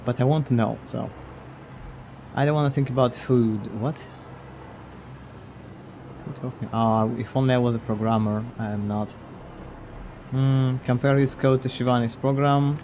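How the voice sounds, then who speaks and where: A man's voice: mid-range voice, fairly even intonation, normal speed, long pauses, a little mellow, a little hiss or hum. Wry, blunt male game streamer. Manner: wry, blunt, swears casually, chuckles at the game. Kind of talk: casual let's-play commentary.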